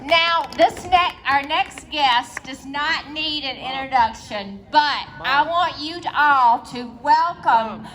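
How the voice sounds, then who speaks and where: A woman's voice: high voice, takes it slowly, hardly any pauses. A woman serving as an earnest rally emcee, leading the crowd and introducing the next speaker outdoors.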